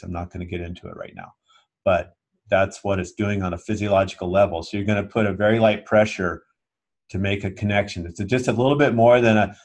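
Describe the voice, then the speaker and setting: A man teaching a yoga class, patiently explaining each step and often checking that everyone follows. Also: on the low side. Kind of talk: instructional class talk.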